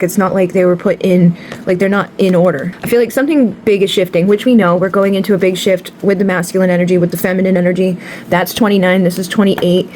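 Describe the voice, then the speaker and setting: A woman's voice: medium pitch, steady tone, a little fast, darkish tone, slight background noise. A woman giving a tarot card reading to camera, talking bluntly and passionately and swearing freely. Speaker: tarot reader.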